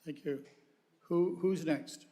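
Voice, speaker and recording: A man's voice: fairly high pitch, fairly even intonation, takes it slowly, dark tone. Friendly man chairing a council meeting. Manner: friendly, brief. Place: council chamber.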